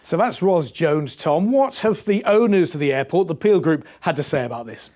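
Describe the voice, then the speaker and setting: A man's voice: a little high, animated, a little mellow. Man reading the evening news. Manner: measured, formal delivery. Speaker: news presenter.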